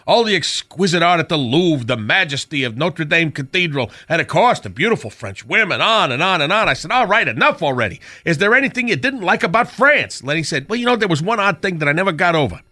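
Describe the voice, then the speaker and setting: A man's voice: fairly high pitch, very animated, sharp tone, exaggerated voice. A man playing a corny older male stand-up comic on a radio comedy bit, who rattles off jokes and laughs at his own punchlines. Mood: brash joking. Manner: rapid joke-telling, laughs at own punchlines.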